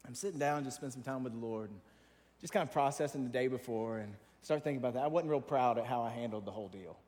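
A middle-aged man preaching a sermon as a pastor, telling a story in an animated, self-deprecating way. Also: mid-range voice, fast talker. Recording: long reverb of a large hall.

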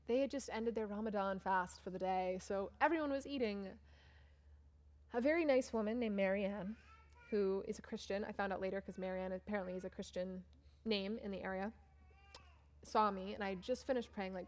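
A woman's voice: mid-range voice, a little fast. Chatty young woman telling a trip story. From Maine, USA. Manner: chatty, self-mocking, animated and laughing. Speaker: church mission trip speaker. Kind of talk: casual storytelling talk with slides.

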